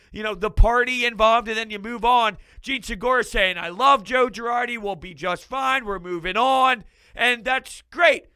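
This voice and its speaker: Fired-up high-voiced man recapping a game. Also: bright, forceful tone, smooth, no echo. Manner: fired-up and emphatic, swears casually. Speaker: sports fan channel host. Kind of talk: excited post-game recap.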